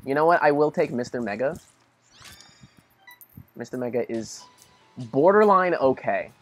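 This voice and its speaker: Tired young guy rambling over his game, kinda husky, voice bounces around a lot. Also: mid-range voice, lively intonation, a little slow, faint music behind. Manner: rambling, easygoing, talks to his dog. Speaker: let's play commentator. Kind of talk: casual gameplay commentary.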